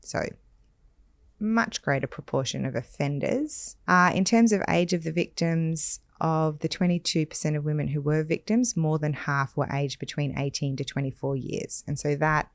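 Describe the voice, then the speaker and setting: A woman, hosting a podcast and reading out statistics in a measured, firm way. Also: low voice, fairly even intonation, dry recording. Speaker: podcast host. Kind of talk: conversational podcast discussion.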